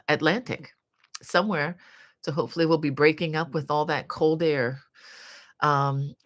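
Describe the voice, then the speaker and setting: A woman's voice: low-pitched, pushed and bright. Chatty woman hosting a live stream. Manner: chatty, reads viewer comments aloud, many fillers. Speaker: crochet channel host. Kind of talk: casual live-stream chat.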